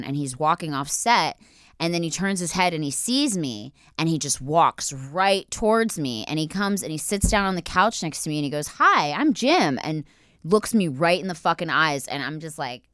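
A woman's voice: sits low, clear, resonant tone, no room sound, clean studio sound. A woman hosting a podcast, telling a story in a gushing, casual way full of "like". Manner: animated, gushing, lots of "like". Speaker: podcast host.

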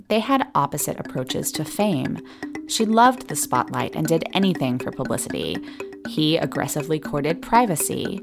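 A woman's voice: deep voice, vocal fry. A woman hosting a podcast, giving scripted narration with a wry storytelling delivery. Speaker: podcast host. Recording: narration over background music.

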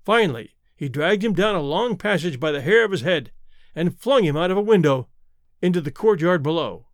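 A man reading a story aloud in expressive, lively audiobook narration. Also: fairly high pitch, brisk, no room sound, clean studio sound.

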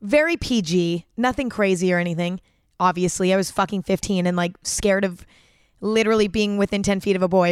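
A young woman hosting a podcast tells a personal story in a chatty, casual way, full of fillers and frequent swearing. Her medium-pitched voice is clean, recorded in a clean studio with no echo.

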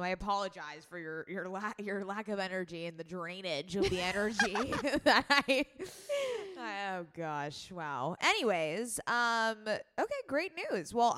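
Lively, giggly young woman co-host. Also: fairly low pitch, normal speed. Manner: giggly, rambling, self-mocking. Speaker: podcast co-host. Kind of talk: casual chat.

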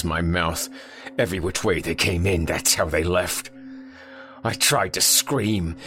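A man's voice: low voice, sharp tone, heavily acted. A man voicing a dying older man with folksy rural grammar, telling his haunted story in a pained, gasping way.

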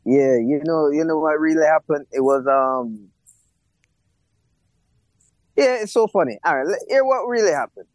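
A young man, an actor and bass player, telling a story in a casual interview and acting out the people he quotes. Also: lively intonation, moderate pace, long pauses, no echo, low-quality recording. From Jamaica.

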